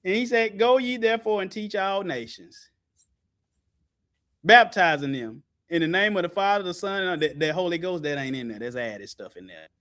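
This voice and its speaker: A man preaches in a high voice that swings all over. He is loud and colloquial, laughing and breaking into shouts. His pitch leaps from line to line. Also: lively intonation, normal speed. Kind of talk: animated sermon with scripture call-and-response.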